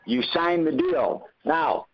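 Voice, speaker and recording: A man's voice: on the high side, huge pitch swings, slow. A man hosting a call-in Q&A who coaches callers and acts out the conversations he quotes. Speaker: host answering callers' questions. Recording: muffled lo-fi call audio.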